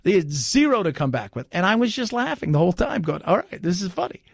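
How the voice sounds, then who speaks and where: Lively high-voiced American radio host. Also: male voice, quick pace, gravelly, no room sound, clean studio sound. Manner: chatty storyteller, lots of restarts and "he goes". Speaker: radio talk show host. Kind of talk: talk radio monologue.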